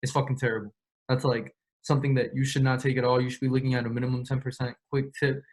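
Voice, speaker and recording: Young man, interview guest, slangy and profane, casual storytelling, mid-pitched voice. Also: little pitch movement. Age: young adult. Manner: slangy, profane, quick retelling with quoted dialogue.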